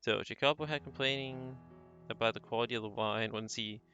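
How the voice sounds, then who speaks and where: A man voicing a young newlywed wife who narrates her story in a gentle, reflective way, in a slightly dull lo-fi recording. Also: mid-range voice, fairly even intonation, a little fast, soft background music, close to an everyday voice.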